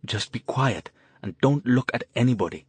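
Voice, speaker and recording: A man's voice: medium pitch, expressive, moderate pace, slightly rough, no echo. A male narrator voicing a tense street vagrant who gives curt, urgent orders. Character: tense, gruff street vagrant man, commanding.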